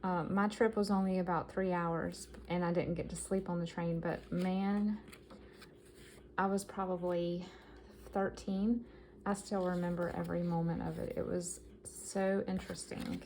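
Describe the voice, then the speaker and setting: Brief: woman vlogger, low, gravelly voice, chatty show-and-tell of thrift finds, faint background noise. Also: little pitch movement, a little slow, darkish tone, low-quality recording. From American South. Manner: chatty and enthusiastic, reading items aloud. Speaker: vintage collector vlogger. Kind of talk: casual show-and-tell haul.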